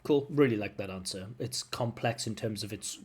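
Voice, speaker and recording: A man's voice: on the low side, normal speed, slightly rough. A man giving frank, corrective feedback as a language examiner. He picks apart a recorded answer line by line. He hums the rhythm of sentences to show intonation. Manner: frank, corrective, demonstrates intonation with hummed syllables.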